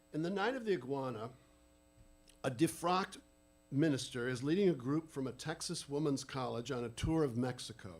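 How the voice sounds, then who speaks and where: A man presenting at a literary tribute reading, giving clear, steady explanatory commentary on the plays. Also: mid-range voice. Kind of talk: introductory commentary.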